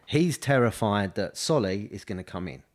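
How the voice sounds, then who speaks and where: On a studio podcast mic, a man who works as an estate agent co-hosts a laid-back show in a lowish, animated voice at normal speed. His points come out rambling, with frequent restarts and "you know" fillers.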